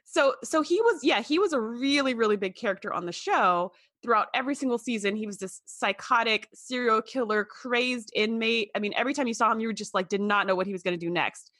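A woman's voice: fairly high pitch, a little fast, hardly any pauses, a bit bright, no room sound, clean studio sound. A woman co-hosting a casual podcast, chatty and fond of acting out characters' lines. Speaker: podcast co-host.

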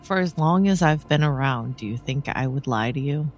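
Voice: mid-range voice, lively intonation, normal speed, faint music behind. A player speaking in character during a tabletop game, casual and hesitant. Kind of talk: casual tabletop role-play.

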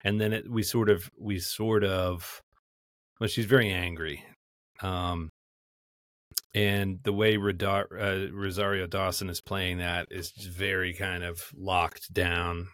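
Low-voiced man on a dry podcast mic. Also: slow, no echo. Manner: animated, breaks into mocking impressions and laughs. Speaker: podcast co-host. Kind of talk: casual chat.

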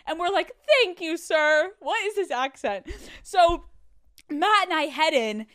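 A woman podcast host telling a story in a solo episode, animated and swearing freely as she acts out what others said. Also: very high-pitched, unhurried, no room sound. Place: studio. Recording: dry studio sound.

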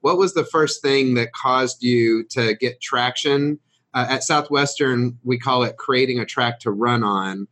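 A man hosting an interview, asking measured, encouraging questions. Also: medium pitch, fairly bright tone. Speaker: interview host.

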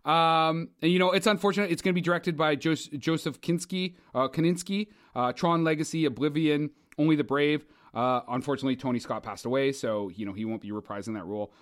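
Man, podcast co-host, slightly high voice, excitable, casual and profane. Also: a little fast, hardly any pauses. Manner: animated, swearing, excitable. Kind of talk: casual chat.

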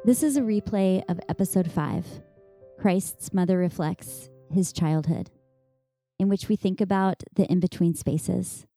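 A woman hosting a contemplative podcast, speaking gently and softly and reading her own poem in an unhurried way. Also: fairly low pitch, dry recording, faint music behind, rough recording. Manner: gentle, unhurried, soft-spoken. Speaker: podcast host.

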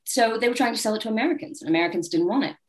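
A woman's voice: a little high, very fast. A woman guest author telling candid, wry anecdotes in a casual interview. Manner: acts out quoted people in lively voices.

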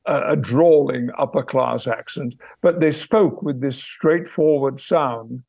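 An older man from Yorkshire speaking in received pronunciation, telling stories in a measured, thoughtful way as a guest, pausing to search for words. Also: medium pitch, creaky, darkish tone, no echo. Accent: British received pronunciation. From Yorkshire, England. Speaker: guest, actor and memoir author. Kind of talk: reflective interview storytelling.

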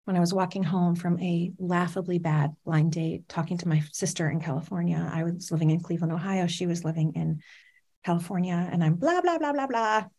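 A woman's voice: fairly low pitch, level tone, fairly quick, creaky, dark tone, slightly rough. A woman in her forties, a motivational speaker, telling a personal story on stage with dramatic pacing and questions to the audience.

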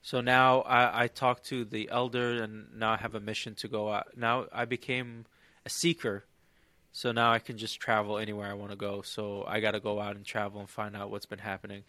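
A man co-hosting a podcast, chatting casually about a video game in a rambling, halting way with many fillers. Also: fairly low pitch, level tone, sharp tone, no room sound. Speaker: podcast co-host. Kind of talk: casual gaming chat.

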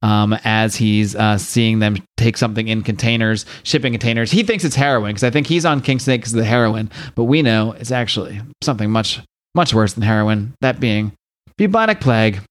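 A man's voice: fairly low pitch, fairly quick. A young man co-hosting a podcast, recapping a comic book in casual chat, laughing often and acting out the quotes. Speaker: podcast co-host.

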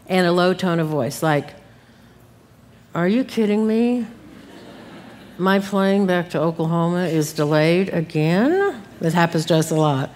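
A middle-aged woman teaching the Bible, talking emphatically and directly to her listeners. Her voice sits at an ordinary pitch. It rings with the long reverb of a live church hall. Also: slight background noise. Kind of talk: sermon.

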